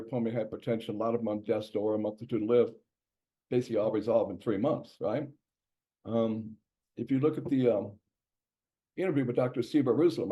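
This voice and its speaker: A man, a doctor, giving a casual health presentation in a conversational way, with many fillers and restarts. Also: medium pitch. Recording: dull lo-fi recording.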